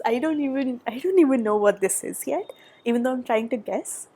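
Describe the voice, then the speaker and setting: A woman giving a tarot reading, gushing and excitable, often dropping to a soft whisper, a little out of breath. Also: fairly high pitch, takes it slowly, long pauses, husky. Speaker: tarot reader. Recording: background noise.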